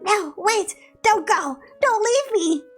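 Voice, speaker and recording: A timid, tearful young creature girl stammers and pleads in a very high, thin voice, as a woman voices her. Her lines come out in halting, broken starts, with faint music under a visual novel read-aloud. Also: lively intonation, exaggerated voice. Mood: pleading.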